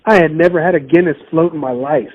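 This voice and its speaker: A man's voice: a little high, fast talker, lo-fi sound. A man from Miami chatting on a podcast, telling stories in a rambling way. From Miami, United States. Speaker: podcast co-host. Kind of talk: casual chat.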